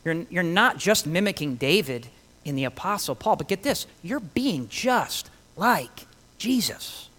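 A man preaching a sermon, emphatic and animated, with rhetorical questions and dramatic pauses. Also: on the high side. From Italian heritage.

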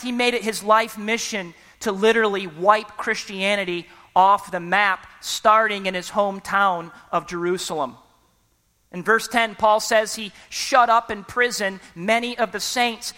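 A preacher giving an emphatic sermon who often pauses for the congregation to fill in a word and keeps urging people to listen. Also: medium pitch, fairly even intonation, sharp tone, long reverb tail. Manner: repeatedly urges listeners to listen.

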